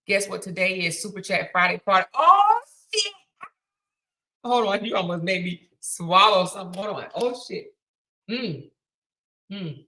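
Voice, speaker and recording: A woman hosting a live stream, reading out viewer super chats, excitable, chanting and shouting thanks, swearing casually and laughing often. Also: on the low side, moderate pace, low-quality recording. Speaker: livestream host.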